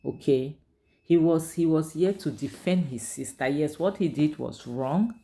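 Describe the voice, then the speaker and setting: A woman's voice: low-pitched, measured pace, mellow. A woman, casually recapping and reviewing a drama series in a chatty, opinionated way. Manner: chatty, opinionated, frequent "like" and "you know".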